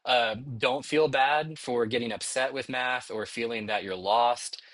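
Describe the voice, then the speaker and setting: A middle-aged man who teaches math narrates a recorded lecture over his course slides, relaxed and encouraging, with frequent "okay?" check-ins. His pitch is ordinary, and the recording is close and dry with no room sound.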